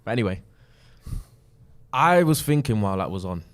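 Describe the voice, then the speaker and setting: A man co-hosting a football podcast, rambling through an odd question and trailing off softly. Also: on the low side, sing-song, normal speed. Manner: rambling, tails off quietly at line ends. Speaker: podcast co-host. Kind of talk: casual chat.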